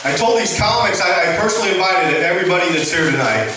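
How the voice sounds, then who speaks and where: A man's voice: high-pitched, animated, quick pace, very noisy. A man doing stand-up comedy, brash and profane, joking with the audience from the stage. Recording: echoey club from far off. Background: loud audience.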